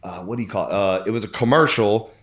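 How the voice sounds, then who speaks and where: Laid-back low-voiced male podcast host. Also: quick pace. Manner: relaxed, filler-heavy, says "like" often. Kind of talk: casual podcast conversation.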